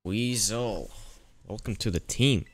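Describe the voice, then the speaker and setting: A man's voice: fairly low pitch, takes it slowly, no echo. A man giving casual let's-play commentary, thinking aloud and teasing the game's characters as he plays. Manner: thinking aloud while playing. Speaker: gameplayer narrating his playthrough.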